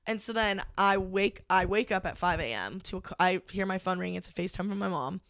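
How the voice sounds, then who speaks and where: A woman's voice: mid-range voice, a bit bright, no room sound. Young woman guest rambling w lots of "like", dry close sound. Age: young adult. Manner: halting, heavy use of "like", emotional retelling. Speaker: podcast guest. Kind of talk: casual conversation.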